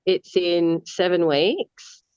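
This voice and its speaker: Slow-talking Australian woman, smooth voice. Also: lowish voice, a little mellow, no room sound, dull audio. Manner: halting, with many fillers and restarts. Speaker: guest, marathon runner. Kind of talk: casual interview.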